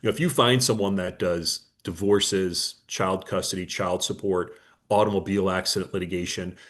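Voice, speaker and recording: Low-voiced man explaining contracts casually. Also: fairly even intonation, moderate pace, a bit bright. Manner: anecdotal, acts out client dialogue, many fillers. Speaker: attorney presenting a business webinar. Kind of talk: conversational webinar presentation.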